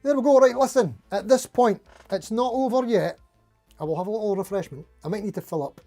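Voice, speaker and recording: A man's voice: sits high, a little fast, warm tone, faint music behind. A man hosting a casual live stream, rambling and laughing at himself as he reads out supporter names.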